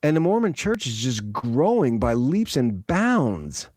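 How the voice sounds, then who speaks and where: A man's voice: mid-range voice, unhurried, no echo. A man from New Jersey hosting sports radio, joking and riffing in casual talk. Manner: joking, animated, riffing with laughs.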